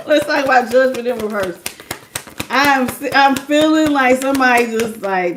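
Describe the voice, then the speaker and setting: A woman's voice: high voice, very animated, measured pace, long pauses, background noise. A woman hosting a live tarot reading who greets her chat, laughs a lot and talks in a slangy, playful way. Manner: acts out imagined people's lines. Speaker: tarot reader.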